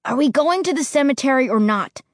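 A woman's voice: high-pitched, expressive, brisk, no room sound, clean studio sound, pitched above the performer's own voice. A woman voicing an impatient, headstrong young boy who talks in a demanding way.

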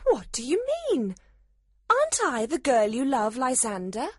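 A man voicing Hermia, a bewildered young woman asking slow, pleading questions in a storybook reading. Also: very high-pitched, huge pitch swings, husky, no echo, clean studio sound, voice pushed up, full character voice.

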